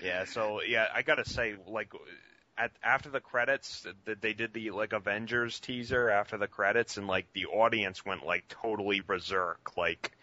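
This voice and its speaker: Bright, dry-voiced man telling a story. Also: fairly low pitch, normal speed, no room sound, dull audio. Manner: excited storytelling full of "like" fillers. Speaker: podcast co-host. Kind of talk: casual chat.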